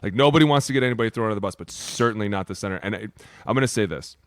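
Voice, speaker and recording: A man's voice: lowish voice, racing, no echo, studio quality. A man, a former lineman co-hosting a podcast, rambling in a loose, profane locker-room way. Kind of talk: casual chat.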